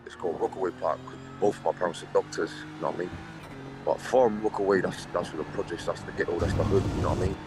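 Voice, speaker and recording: A man's voice: deep voice, steady tone, quick pace, over music. A man, streaming a racing game and chatting in a rambling, joking way. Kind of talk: casual stream banter.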